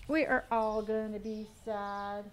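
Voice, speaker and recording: A woman's voice: medium pitch, steady tone, slow, slight background noise. A woman streaming a game live, chatting casually, thanking viewers for gifts, answering chat questions, and humming or counting money under her breath as she plays.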